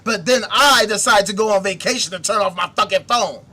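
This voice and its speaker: The show's host speaks briskly in a high-sitting voice with a sharp tone. His casual commentary is an indignant rant, laced with profanity and repeated rhetorical questions.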